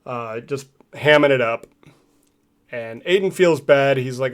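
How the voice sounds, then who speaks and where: A man's voice: mid-range voice, measured pace, clear, resonant tone. A man recapping a comic in a casual, rambling way with many fillers. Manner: relaxed, rambling, filler-heavy. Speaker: comic reviewer.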